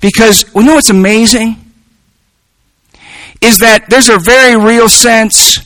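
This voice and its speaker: Bright-voiced earnest male preacher. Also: very high-pitched, fairly even intonation, takes it slowly, no room sound, low-quality recording. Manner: earnest, repeats words as he builds a point. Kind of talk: sermon.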